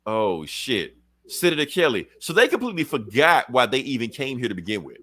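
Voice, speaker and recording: Animated man recapping comics casually. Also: lowish voice, a little fast. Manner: animated retelling, acts out characters' lines, profane, laughs often. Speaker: podcast co-host.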